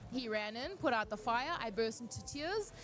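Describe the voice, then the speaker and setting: A woman speaking on a cosplay panel, giving earnest, encouraging advice and telling stories in an animated way. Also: fairly high pitch, moderate pace, over music.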